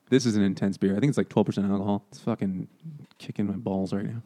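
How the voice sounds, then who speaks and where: Fast-talking man joking about a book. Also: lowish voice, steady tone, warm tone. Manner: joking, quick asides and puns. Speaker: podcast co-host. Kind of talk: casual chat.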